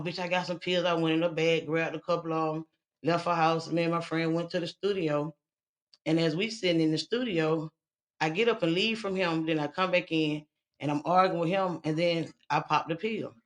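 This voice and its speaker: A woman guest telling her own survival story in a candid, blunt and profane way. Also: sits low. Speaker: interview guest. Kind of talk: candid personal testimony.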